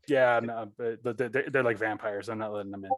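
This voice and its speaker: A man playing a tabletop role-playing game, animated and quick-witted, chatting in character. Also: lowish voice, no room sound. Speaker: player. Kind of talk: casual tabletop role-play.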